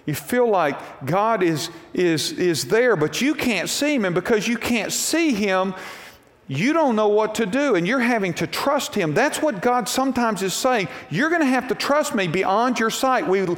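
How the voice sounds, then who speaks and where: A male pastor preaches a sermon in a church sanctuary, telling homey stories in a folksy way and acting out the voices in quotes. His high-pitched voice is animated and a little slow. The long reverb of a church hall fills the recording.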